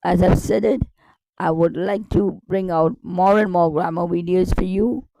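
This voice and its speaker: A woman's voice: fairly low pitch, fairly even intonation, a little slow, creaky, warm tone, no room sound, rough recording. A woman teaching a grammar lesson online, explaining step by step with repetition and rhetorical questions.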